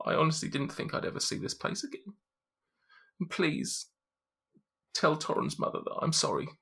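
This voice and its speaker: A man voicing a young girl, grateful and apologetic, speaking softly. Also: a little high, big pitch swings, normal speed, vocal fry, breathy edge, pitched above the performer's own voice, heavily acted. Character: young girl, tearful and grateful, just returned home.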